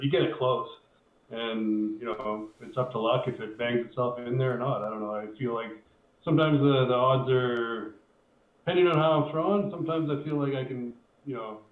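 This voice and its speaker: A man who plays darts, answering questions after a loss in a halting, hesitant way over a video call. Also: mid-range voice. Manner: hesitant, halting, many restarts. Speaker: darts player. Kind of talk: post-match interview. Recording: tinny, echoey call audio.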